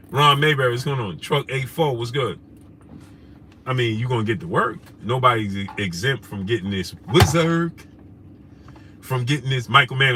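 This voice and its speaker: A man hosting a casual live stream, shouting out viewers by name in loose slangy talk. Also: mid-range voice, a little hiss or hum. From New York. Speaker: host. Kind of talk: casual live-stream chat, reading super chats.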